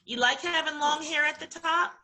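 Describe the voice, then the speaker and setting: A middle-aged woman guesting on a podcast, her voice bright and sitting a touch high. She talks in an encouraging, complimentary way, upbeat and easy. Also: moderate pace. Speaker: interview guest, talent agency founder. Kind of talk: casual interview chat.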